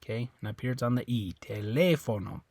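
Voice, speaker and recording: A man teaching a Spanish pronunciation lesson, patient and repetitive, often pausing to check understanding and saying words slowly. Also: mid-range voice, level tone, a little mellow, no room sound, studio quality. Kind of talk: classroom lesson explanation.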